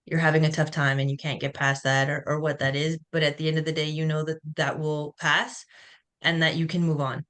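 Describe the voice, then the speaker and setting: A woman's voice: low voice, flat delivery, brisk, a bit bright. A young woman and new mother, a former athlete, talking candidly and casually as a guest in a video-call webinar. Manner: candid, chatty, self-deprecating.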